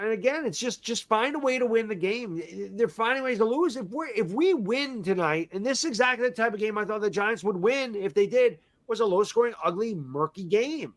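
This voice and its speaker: A middle-aged man and football fan giving a frustrated, emphatic post-game rant, repeating himself often. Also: high-pitched. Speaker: sports fan commentator.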